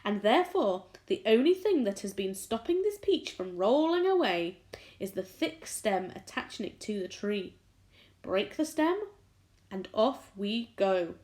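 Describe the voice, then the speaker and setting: Woman reader voicing a gentle motherly storybook ladybird, lilting and warm-hearted. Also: mid-range voice, very animated, measured pace. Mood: explaining. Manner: gentle, reassuring.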